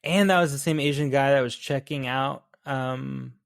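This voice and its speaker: A man's voice: mid-range voice, moderate pace, vocal fry, dry recording, studio quality. A man co-hosting a podcast, chatting casually about a movie, laughing easily and asking his co-host questions. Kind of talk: casual film review chat.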